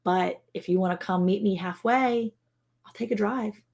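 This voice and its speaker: A woman co-hosting a casual ranch livestream, chatty and quick to laugh, slipping into voices to mimic people. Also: mid-range voice, darkish tone. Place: home on a farm.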